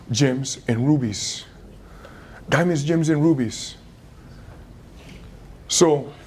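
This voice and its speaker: A man's voice: on the high side, warm tone. A middle-aged man, giving a storytelling talk to schoolchildren, interactive, asking the audience questions and repeating phrases. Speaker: motivational speaker at a school.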